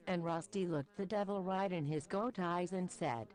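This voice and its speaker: A woman's voice: fairly low pitch, moderate pace, a little mellow. A woman reading a crude comic story aloud in a matter-of-fact way. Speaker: story reader.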